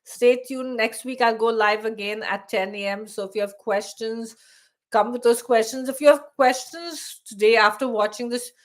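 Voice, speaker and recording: A woman's voice: fairly high pitch, steady tone, normal speed. A middle-aged woman hosting her own channel in a casual live stream, chatty with many restarts, her voice wearing thin. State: losing her voice. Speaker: YouTube channel host. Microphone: live stream setup.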